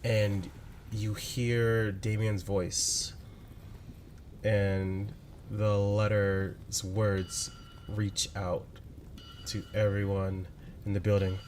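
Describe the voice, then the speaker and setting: Relaxed low-voiced game master. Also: male voice, drawn-out words, a little hiss or hum. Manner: relaxed, with fillers and laughs. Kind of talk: narrating a tabletop game.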